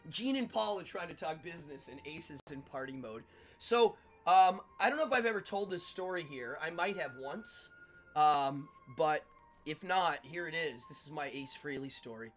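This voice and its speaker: A middle-aged man hosting a livestream, telling stories in a casual, animated way with frequent laughter. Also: on the high side, moderate pace, soft background music. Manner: animated, laughs often, acts out quotes. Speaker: livestream host. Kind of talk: casual storytelling chat.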